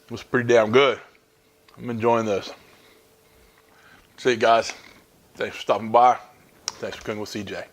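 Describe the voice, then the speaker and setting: A man's voice: mid-range voice, steady tone, moderate pace, long pauses. A man hosting his own cooking channel, chatting enthusiastically as he talks viewers through each step. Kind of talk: casual cooking vlog.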